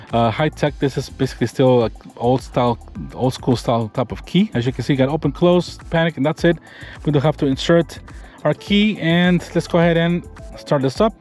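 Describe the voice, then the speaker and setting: A Florida man presents a car review vlog, walking around a pickup truck and sitting inside it. His voice is mid-range and a little mellow. He enthusiastically points out details, rambling and frequently restarting his sentences.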